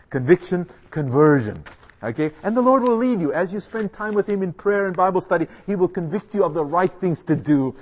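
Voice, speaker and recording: A man's voice: on the high side, breathy edge. A middle-aged man preaching a sermon, emphatic, asking the audience questions and repeating key words. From South Africa.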